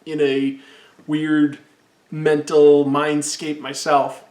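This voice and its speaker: An enthusiastic man sips absinthe while rambling through a casual comic book review, his voice somewhat high for a man yet monotone and darkish in tone. He speaks very slowly, and the space around him sounds roomy and echoey.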